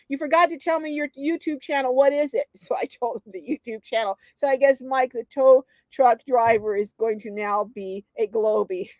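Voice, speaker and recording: Woman, middle-aged, livestream host, casual chat, animated storytelling, fairly high voice, dry close sound. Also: no echo. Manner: animated storyteller, acts out quotes, laughs often.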